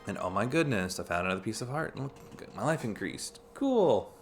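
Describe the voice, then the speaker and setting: Male game streamer, low gravelly voice, loose rambling commentary. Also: expressive, a little fast, a bit bright, faint music behind. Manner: chatty, thinks aloud with fillers and restarts. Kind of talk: casual let's-play commentary.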